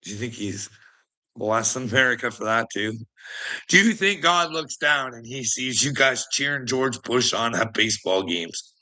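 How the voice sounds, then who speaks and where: With a mid-range, animated voice at normal speed and a sharp tone, a man mocks and rants at his live chat. The profane livestream tirade is thick with sarcasm and frequent laughter.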